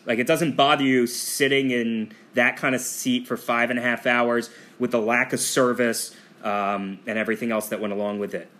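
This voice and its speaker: Casual podcast co-host, male, bright and chatty, loose delivery with fillers. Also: medium pitch, normal speed, hardly any pauses. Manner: relaxed, chatty storyteller with frequent fillers. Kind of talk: casual travel podcast chat.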